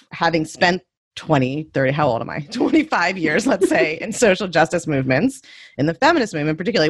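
Woman podcast host, forties, chatty and animated, lively voice, dry recording. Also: fairly low pitch, slightly rough, dry recording. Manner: animated, laughing, many "right?" tags. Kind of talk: casual podcast conversation.

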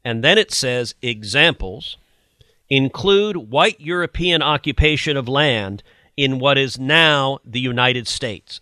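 A man's voice: mid-range voice, animated, unhurried, sharp tone, dry recording. A man hosting a political podcast, indignant and sarcastic as he reads quotes aloud and mocks them. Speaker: podcast host. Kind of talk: opinionated political commentary.

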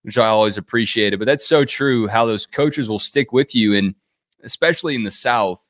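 A man's voice: medium pitch, normal speed, a bit bright, no room sound, clean studio sound. A man hosting an interview show, easygoing and asking long, rambling questions. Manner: easygoing, laughs along, asks long questions. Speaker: show host. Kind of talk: interview conversation.

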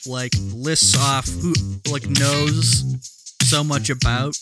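A man's voice: medium pitch, fairly even intonation, slow pace, over loud music. A man co-hosting a podcast in casual chat, joking and rambling with plenty of fillers. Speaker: podcast co-host.

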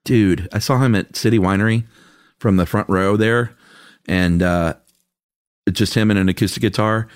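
Deep-voiced man reading listener comments. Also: normal speed, long pauses, no echo, studio quality. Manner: laid-back, chuckling, frank opinions. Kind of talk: casual chat.

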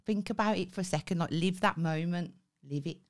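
A woman's voice: fairly low pitch, a little fast. A woman co-hosting a podcast, teasing and swearing, laughing often in casual chat. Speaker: podcast co-host.

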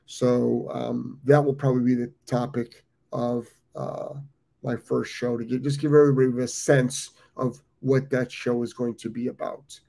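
A fifty-something American man hosts a live stream, talking off the cuff. His voice is gravelly and dark, and he loops back over his phrases with plenty of ums. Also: mid-range voice, flat delivery, moderate pace. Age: 50s. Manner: rambling, repeats phrases, frequent ums. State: has the hiccups. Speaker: dog training show host. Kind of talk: casual live-stream talk.

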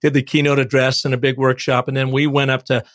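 A man, an author guest on an interview, telling a long anecdote in a lively conversational way. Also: medium pitch, fast talker, no echo, studio quality. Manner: animated anecdotal storyteller. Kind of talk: conversational storytelling.

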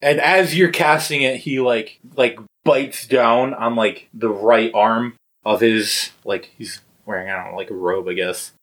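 A man's voice: medium pitch, a little slow, a bit bright. A man narrating a tabletop game as game master, loose and hesitant with many fillers.

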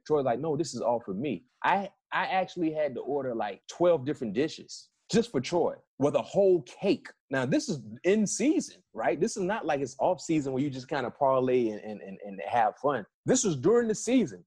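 A middle-aged man from South Florida, a former football player, telling lively stories in a casual interview and acting out the quotes. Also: mid-range voice, fairly quick, few pauses, husky, dry recording. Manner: animated, repeats and restarts, acts out quotes.

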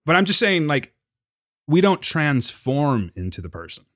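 A man's voice: a little high, very animated, unhurried, fairly bright tone, no echo, studio quality. A man co-hosting a podcast in casual chat, enthusiastic and emphatic, laughing easily. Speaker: podcast co-host.

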